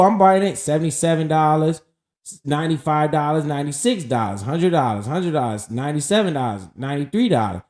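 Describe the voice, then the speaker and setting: Man, higher-pitched voice, casual market talk, profane, hyped, talks straight at viewers. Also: darkish tone. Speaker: stock market streamer.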